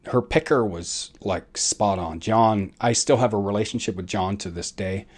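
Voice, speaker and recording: A man's voice: lowish voice, moderate pace, a little mellow. A man hosting a podcast and telling a personal story in a rambling way, full of fillers and self-corrections. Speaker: podcast host.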